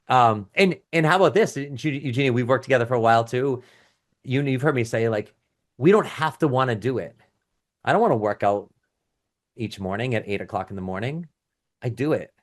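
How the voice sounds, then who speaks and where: A middle-aged business coach leads a live webinar by video call in an ordinary middle-pitched voice. He keeps it casual and conversational, restarting sentences, adding asides, and reading chat comments out to his audience.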